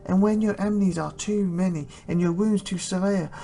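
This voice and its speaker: A man's voice: sits high, brisk, gravelly, dark tone, a little hiss or hum, voice pushed up. A man doing a proud, theatrical old knight. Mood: solemn. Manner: declaiming, flowery. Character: grand elderly male wandering knight, theatrical and proud.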